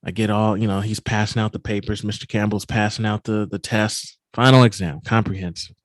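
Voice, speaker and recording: A man giving a keynote at a virtual summit, telling a personal story in an animated, emphatic way. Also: fairly low pitch, a little fast, no room sound. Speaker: keynote speaker. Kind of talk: storytelling talk.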